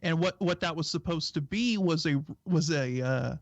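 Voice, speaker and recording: A man's voice: fairly high pitch, normal speed, dry recording, lo-fi sound. A man co-hosting a casual talk stream, explaining earnestly with lots of "you know" and "right?". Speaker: co-host. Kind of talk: casual chat.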